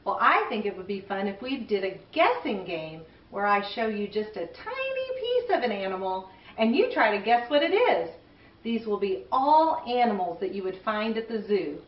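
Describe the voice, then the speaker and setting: An older woman hosting a children's show, talking warmly and encouragingly to young kids. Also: medium pitch, sing-song, moderate pace. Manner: warm, encouraging, kid-directed. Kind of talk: chatty talk to young children. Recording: roomy, distant, dull recording.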